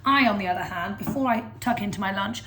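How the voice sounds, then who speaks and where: A woman's voice: medium pitch, fast, fairly bright tone, a little hiss or hum. A woman, chatting enthusiastically in a casual food vlog from her home kitchen, sometimes talking while she eats. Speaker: vlogger.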